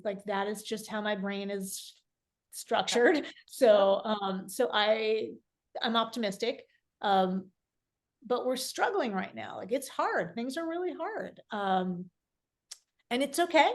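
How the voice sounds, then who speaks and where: A woman's voice: mid-range voice, slow. A middle-aged woman speaking candidly as a podcast guest, reflective and often restarting her sentences. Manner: reflective, talks in restarts and fillers. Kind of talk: candid conversational interview.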